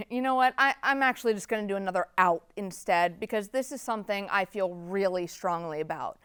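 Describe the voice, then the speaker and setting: A young woman in her twenties hosts a student comedy show, delivering scripted jokes with deadpan sarcasm. Her voice is smooth and clear, her pitch swings widely, and the sound is dry and close. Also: dry recording. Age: 20s.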